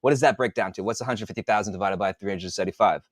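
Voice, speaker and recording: A man's voice: on the low side, very fast, no echo, clean studio sound. A man in his forties, an author hosting a podcast, chatting casually in a rambling, profane way and thinking aloud with restarts. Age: 40s. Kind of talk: casual livestream chat.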